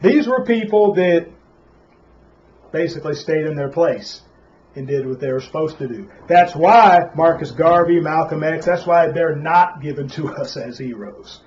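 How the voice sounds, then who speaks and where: Man, Sabbath class teacher, fairly high voice, preachy with rhetorical questions, muffled lo-fi sound. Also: measured pace, darkish tone. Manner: preachy, repeats "Praise Yah", rhetorical questions.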